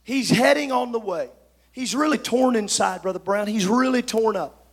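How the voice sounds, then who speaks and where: A man preaches with an unusually high voice carrying a gravelly edge. He is emphatic, swinging from shouted lines to quiet asides. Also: moderate pace. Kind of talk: sermon.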